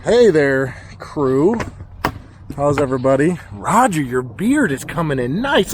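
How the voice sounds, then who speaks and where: Guy vlogging out on his farm, kinda high voice, bit out of breath, chatting to his goats, faint outdoor noise. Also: big pitch swings, unhurried. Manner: talks to his goats, calls out to animals in a high voice. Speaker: homesteading vlogger. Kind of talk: casual farm vlog.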